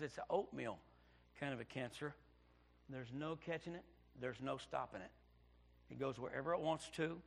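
A middle-aged male pastor, telling his story in a sermon, dropping to hushed tones and then bursting out loud. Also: medium pitch, creaky. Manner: preaching with sudden loud outbursts and hushed storytelling. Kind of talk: sermon testimony.

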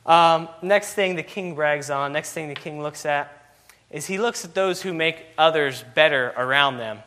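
A man's voice: fairly high pitch, moderate pace, sharp tone. A man preaching a sermon, asking repeated rhetorical questions with constant "you know" fillers.

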